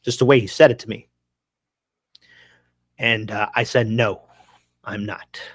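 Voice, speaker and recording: A man, a guest on a talk show, telling an emotional personal story in an earnest, halting way with many restarts. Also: fairly low pitch, fairly even intonation, fairly bright tone, slightly rough, no echo, clean studio sound.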